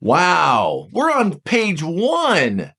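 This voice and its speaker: Animated man giving a spoken lesson. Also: on the high side, drawn-out words, gravelly, slightly rough. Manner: animated, talks straight to the viewer; reads book passages aloud and comments. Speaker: Enneagram teacher.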